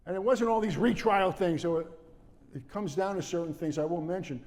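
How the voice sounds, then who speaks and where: A man's voice: high-pitched, a little fast, darkish tone, long reverb tail. An older man, a former prosecutor, recounting events in a rambling interview and acting out the dialogue. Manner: digressive, restarts sentences, acts out quoted dialogue.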